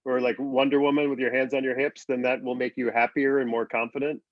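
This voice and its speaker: A man with a New York accent tells stories in an animated way and chuckles as he goes. His voice sits at an ordinary pitch. It comes through dry and slightly muffled, like dull remote audio. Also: fairly quick, no room sound. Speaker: comedian guest. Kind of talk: casual panel chat.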